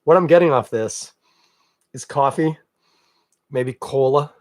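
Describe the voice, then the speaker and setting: A man's voice: mid-range voice, unhurried, no echo, studio quality. A man with a stuffy, snuffly cold hosting a casual live beer-tasting podcast, chatty and self-deprecating with rambling asides. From Canada. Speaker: podcast host.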